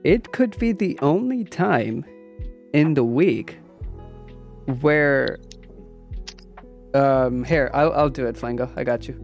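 A man's voice: a little high, lively intonation, slow pace, pauses often, soft background music. A man co-hosting a live podcast stream, talking casually and rambling, with many restarts and fillers. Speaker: podcast co-host streaming on Twitch.

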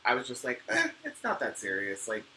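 A New York man with a soft, sweet and very bright voice chats on a podcast. He is expressive and swears freely. There is a faint hiss of noise behind him. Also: a little fast, rough recording. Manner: expressive, swears freely, laughs and slides into high playful voices. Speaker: podcast co-host. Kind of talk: casual chat.

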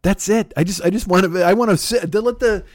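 A man's voice: sits high, fairly quick, no echo, studio quality. A middle-aged man from the Midwest hosting a podcast, ranting casually with lots of swearing and stumbling restarts. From Chicago, USA. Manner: profane, animated, stumbling restarts. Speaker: podcast host.

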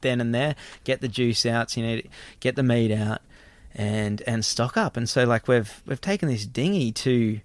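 A man's voice: mid-range voice, normal speed, dry recording. A young man hosting a podcast, telling a travel story in a rambling way and often repeating words. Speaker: podcast host. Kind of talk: casual storytelling chat.

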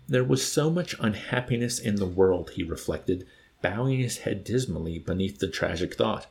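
A man's voice: lowish voice, gravelly, a little mellow. A man reading a novel aloud expressively, then talking it over with a co-host. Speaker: reader and co-host. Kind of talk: audiobook reading and book discussion.

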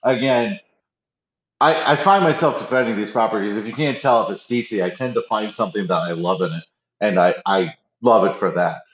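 A man's voice: on the low side, fairly quick. Man, enthusiastic, casual, stammering restarts, roomy echo, muffled audio. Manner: enthusiastic, restarts often, acts out quotes. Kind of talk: casual pop-culture chat. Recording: roomy, slightly dull audio.

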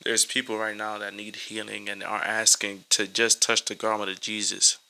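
A man's voice: lowish voice, little pitch movement, moderate pace, bright, forceful tone, rough recording. A man reading scripture and preaching in an informal online sermon, emotional and near tears, repeating words and calling listeners "guys.".

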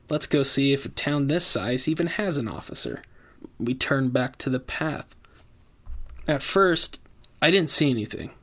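A man reads a horror story aloud in an ordinary mid-range voice. His delivery is measured and deliberate, and he slows down to build suspense. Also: medium pitch, a bit bright. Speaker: narrator. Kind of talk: scripted horror story narration.

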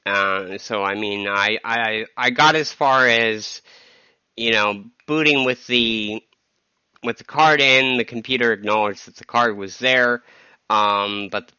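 A man hosting a podcast, talking through a personal monologue in a halting way, with many ums and restarts, sounding stressed. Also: on the low side, sharp tone, smooth, dry recording, lo-fi sound. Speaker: podcast host.

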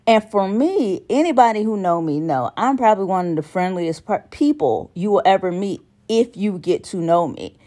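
A woman's voice: mid-range voice, animated, moderate pace, hardly any pauses, warm tone. A woman in a casual monologue, talking bluntly and with exasperation, and mimicking how other people text.

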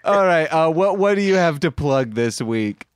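A man co-hosting a podcast in casual chat, talking in an unhurried, matter-of-fact way. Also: fairly high pitch, lively intonation, clean tone, dry recording, clean studio sound. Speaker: podcast co-host.

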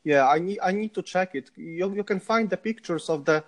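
A man with a Polish accent, a podcast guest telling stories in a halting way with many restarts. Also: sits high. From Poland. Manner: halting, many repeated starts. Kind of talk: casual interview.

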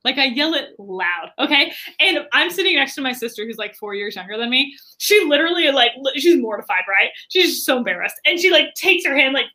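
A woman entrepreneur telling a story animatedly in an interview, chatty and expressive, saying "like" often. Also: sits high, fairly quick, few pauses. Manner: chatty, frequent filler "like", expressive. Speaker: entrepreneur and podcast guest.

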